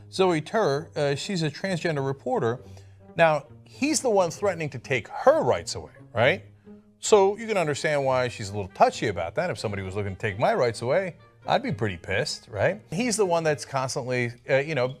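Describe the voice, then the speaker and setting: A male political commentator with a middle pitch talks with a lively, swinging delivery, full of sarcasm and ridicule. Faint music sits underneath. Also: moderate pace. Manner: sarcastic, mocking, mimics others. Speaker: host.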